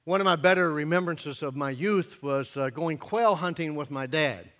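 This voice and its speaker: A fifties-aged male preacher with a high-pitched voice, speaking in a folksy, earnest way. He hesitates and restarts often, and his voice carries a long hall reverb, as if in a large church. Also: moderate pace, pushed and bright. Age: 50s. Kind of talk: sermon with personal storytelling.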